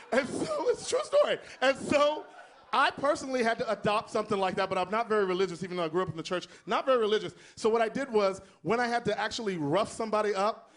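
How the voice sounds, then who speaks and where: A man's voice: high voice, fast, a bit bright. A man from Texas doing a live stand-up set, telling stories in a sassy, flamboyant way with asides to the crowd. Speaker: stand-up comedian.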